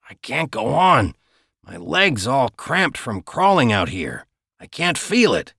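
A man's voice: medium pitch, wildly swooping pitch, slow pace, gravelly, fairly bright tone, husky, dry recording, studio quality, exaggerated voice. A man voicing a wisecracking male captive who jokes with his captors. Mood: wry. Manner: glib, joking tone. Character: wisecracking captured older man, cheeky.

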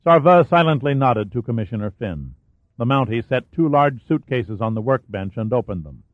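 A man narrating an audiobook thriller in a steady storytelling manner. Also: medium pitch, normal speed, dry recording. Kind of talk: scripted narration. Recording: dry, phone-like narrow sound.

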